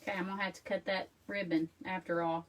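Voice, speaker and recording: A woman's voice: lowish voice, level tone, quick pace, far from the mic, slight background noise. A chatty woman, hosting a casual home craft tutorial. She laughs often and talks straight to her viewers as she works. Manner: chatty and self-deprecating, laughs often, addresses viewers as y'all. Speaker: crafting video host. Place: home craft room, indoors.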